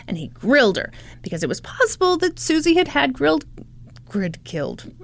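A woman hosting a podcast, excitedly retelling a true crime case in casual chat, giggling often and swearing freely. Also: sits high, fast, gravelly, a little hiss or hum.

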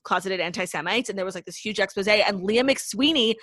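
Fast-talking gushing young woman co-host. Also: mid-range voice, fairly bright tone, no echo, studio quality. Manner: gushing, profane, fast recaps of reality TV. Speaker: podcast co-host. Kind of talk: casual chat.

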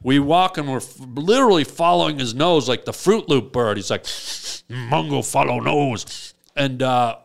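A man hosting a comic call-in show, telling absurd stories in a deadpan rambling way. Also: mid-range voice, normal speed, creaky, hardly any pauses. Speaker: radio call-in host. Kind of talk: comic radio storytelling.

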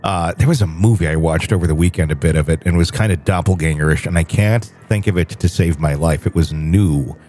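A man's voice: low-pitched, fairly quick, hardly any pauses, warm tone, slight background noise. A man hosting a paranormal podcast, thinking aloud and hesitant. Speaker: podcast host. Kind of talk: casual chat.

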